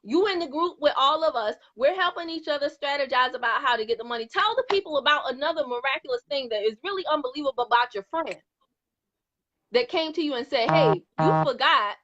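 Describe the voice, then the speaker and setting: A woman's voice: high-pitched, expressive, fast, a bit bright. A woman host chatting casually and playfully, laughing often. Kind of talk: casual interview chat. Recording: dull lo-fi sound.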